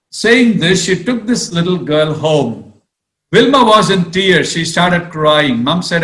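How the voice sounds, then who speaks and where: A priest tells a story in his sermon and stops often with "okay" and "uh". His voice sits high and moves at an unhurried pace. The room around him rings with echo. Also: expressive, fairly bright tone. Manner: slow, repeats "okay" and "uh", acts out quoted voices.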